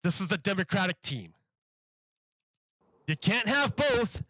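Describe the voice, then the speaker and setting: A man's voice: sits high, big pitch swings, a little slow, pushed and bright, dry recording, lo-fi sound. A man on a live stream ranting about politics, emphatic and mocking, repeating himself for effect.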